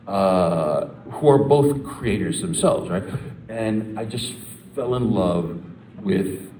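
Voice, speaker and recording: Low-voiced man telling a story in a hall. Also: slight background noise. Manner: animated storyteller, acts out quoted people. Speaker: comics creator answering a fan question at a panel. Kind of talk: casual panel talk. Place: large convention hall. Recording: roomy hall sound, mic from a distance.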